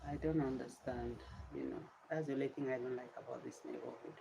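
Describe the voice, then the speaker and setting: A woman's voice: extremely low pitch, steady tone, brisk, creaky, hardly any pauses, very noisy. A tired woman vlogger chatting casually on a livestream, pleading with viewers and drawing out her words.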